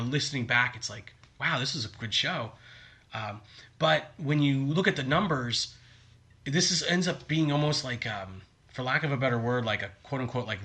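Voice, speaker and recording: A man co-hosts a podcast in a loose, casual chat. His voice is very bright and sharp at an ordinary pitch. He rambles and leans on fillers like "like" and "um". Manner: rambling, filler-heavy with many likes and ums. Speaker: podcast co-host.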